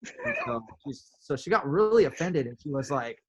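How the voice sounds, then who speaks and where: A man telling a story in a casual interview, animated, filling his talk with "like" and acting out quotes. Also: on the high side, moderate pace, husky, dull audio. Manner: animated, many "like" fillers, acts out quotes. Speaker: podcast guest, drummer.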